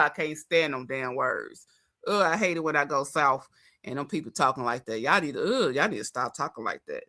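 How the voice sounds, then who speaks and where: A woman hosting a commentary stream, reacting casually in an animated, emphatic way. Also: on the low side, moderate pace. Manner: animated, emphatic, groans in disgust.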